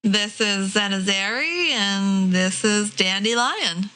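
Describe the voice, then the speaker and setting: A woman's voice: mid-range voice, takes it slowly, sharp tone, a little hiss or hum, rough recording. A woman voicing an awkward, friendly adventurer who speaks in a hesitant, polite way.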